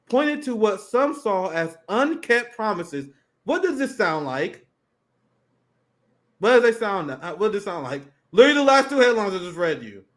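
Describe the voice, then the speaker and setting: Man, 30s, political co-host; sarcastic, profane, high-ish voice. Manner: sardonic, reads headlines and mocks them. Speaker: podcast co-host. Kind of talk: casual political commentary.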